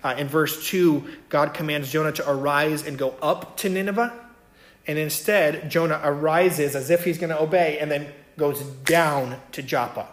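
A man's voice: on the high side, steady tone, normal speed. A man giving a casual Bible teaching, talking conversationally and often checking in with his listeners. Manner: conversational, many fillers and "right?" checks. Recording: echoey room.

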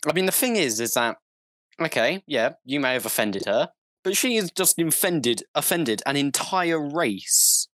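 A young man co-hosting a casual podcast over an online call, earnest and halting with many fillers. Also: on the high side, expressive, a bit bright, dry recording. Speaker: podcast co-host. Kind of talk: casual opinion chat. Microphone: online call mic.

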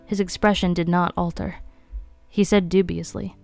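Woman narrator, fairly low and smooth, measured reading, faint music behind. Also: level tone, a little mellow, no echo. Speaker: audiobook reader. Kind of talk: reading a mystery novel aloud.

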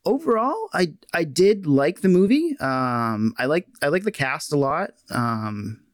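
A male podcast co-host thinking out loud in casual chat. He hedges and restarts his sentences as he weighs his views. The recording is dry and close, with no room sound. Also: fairly high pitch, very animated, a little slow, no room sound. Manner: thoughtful, hedging, full of restarts.

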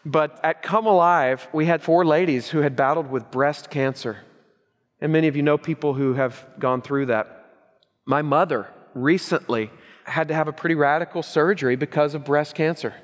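A middle-aged man preaching a sermon as pastor, emphatic and punchy, swinging between loud urgency and hushed gravity. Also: on the high side, moderate pace, in a large hall.

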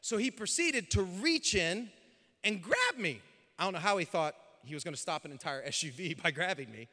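A male pastor telling a story in a sermon, animated and acting out dialogue with sudden shouts. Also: sits high, normal speed. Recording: long hall reverb.

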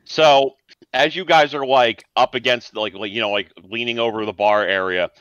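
A man's voice: medium pitch, steady tone, moderate pace, fairly bright tone, clean tone, no room sound. Man, game master, rambling narration, dry dull sound. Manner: loose, filler-heavy description.

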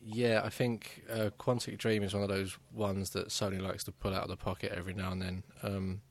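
A man's voice: low-pitched, little pitch movement, brisk. A man chatting casually about video games, rambling with many fillers and restarts. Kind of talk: casual gaming chat.

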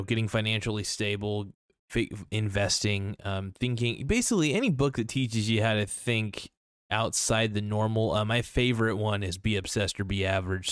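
A man's voice: lowish voice, clean tone, dry recording, studio quality. Blunt, profane podcast host man. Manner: blunt, profane, skeptical, many fillers. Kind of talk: casual opinionated podcast rant.

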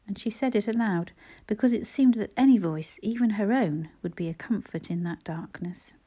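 Female storybook narrator, measured delivery, mellow tone, mid pitch. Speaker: audiobook narrator. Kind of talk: storybook reading.

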